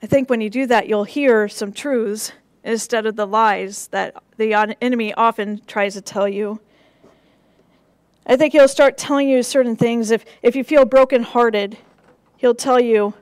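High-voiced woman preaching a sermon. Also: fairly even intonation, faint music behind. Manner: gentle, measured preaching with soft dips for emphasis; repetitive, rhythmic phrasing. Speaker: pastor.

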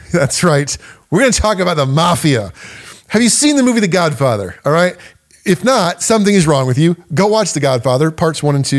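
Male podcast teacher: animated, emphatic, laughs between points. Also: a little high. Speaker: podcast host and Bible teacher.

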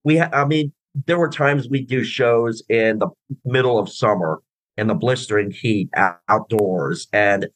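A tribute-band drummer, appearing as an interview guest, chats casually and at length, wandering through his points with lots of restarts and filler words. He speaks unhurriedly in a lowish voice on a dry, poor-quality recording.

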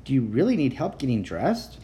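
A woman's voice: rumbling low, big pitch swings, brisk, warm tone, a little hiss or hum. A woman voicing a friendly, easygoing young boy in a storybook read-aloud.

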